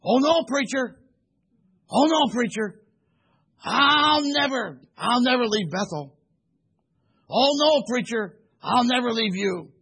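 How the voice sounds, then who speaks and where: A man's voice: very high-pitched, expressive, slow, long pauses, a bit bright, husky, heavily acted. A preacher voicing an earnest young man who pleads that he will never leave his church. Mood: pleading.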